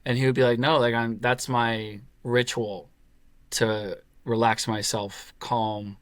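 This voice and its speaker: A man's voice: mid-range voice, little pitch movement, slow pace, no echo. A man in his twenties telling a story casually, with fillers and quoted voices. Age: 20s. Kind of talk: casual chat.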